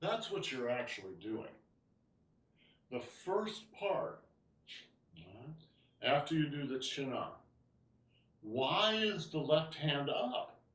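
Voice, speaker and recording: A man's voice: a little high, big pitch swings, slow pace, pauses often, a bit bright, roomy sound, distant mic. A man teaching an online tai chi class, explaining moves as he demonstrates and often asking "right?".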